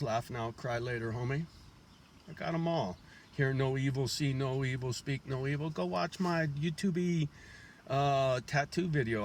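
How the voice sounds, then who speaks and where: A man's voice: medium pitch, a little hiss or hum. A man vlogging outside his house in a blunt, profane, rambling monologue full of street slang, chewing a toothpick as he talks. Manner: chewing a toothpick while talking. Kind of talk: casual rambling monologue to camera. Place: outside his house while it is being shown.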